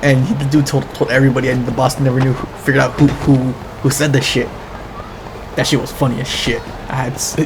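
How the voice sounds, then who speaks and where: A man's voice: medium pitch, level tone, a little fast, background noise. A man chatting casually over gameplay, telling a story in a rambling, profane way with lots of restarts. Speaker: gaming streamer. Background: game music.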